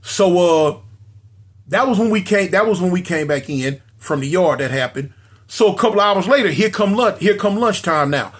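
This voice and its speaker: Lively high-voiced man telling a story. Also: moderate pace. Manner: animated, repeats phrases, acts out quotes. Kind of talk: casual prison storytelling.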